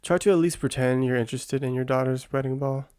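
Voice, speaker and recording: A man's voice: medium pitch, steady tone, fast, darkish tone, smooth, no room sound, close to an everyday voice. A man voicing a prim older queen in a whispered role-play, dry in manner. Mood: wry.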